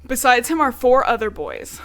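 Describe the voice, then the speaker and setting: A woman's voice: fairly high pitch, very animated, normal speed. A woman co-hosting a podcast, casually recapping a book with loose talk and swearing. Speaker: podcast co-host.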